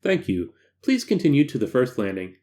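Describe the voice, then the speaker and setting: A man voicing a calm, detached male doctor who gives formal, flat instructions. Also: medium pitch, normal speed, voice pushed down. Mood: clinical.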